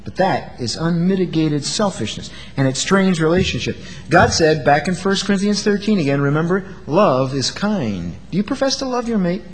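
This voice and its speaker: A man preaches in an earnest, animated way, his pitch sitting a little high and swinging widely between lines. He acts out the quoted lines himself. The long reverb of a hall trails after his words, over faint ambience. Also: fairly quick, hardly any pauses, a little hiss or hum. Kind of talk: sermon.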